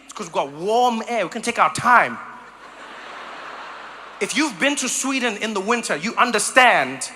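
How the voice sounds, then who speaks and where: A man from South Africa doing animated stand-up comedy, slipping into mock voices. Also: sits high, moderate pace, pauses often, slight background noise.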